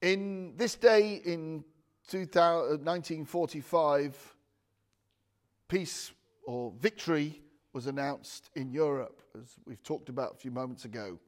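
A man's voice: on the high side, unhurried. A man preaching an informal sermon to a small room, chatty and digressive, with restarts and asides to his listeners. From United Kingdom. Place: room with a live audience. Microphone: speaking without a handheld mic.

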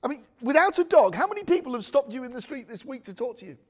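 A man's voice: very high voice, very animated, fast. A man preaching a chatty, joking sermon full of asides. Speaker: pastor.

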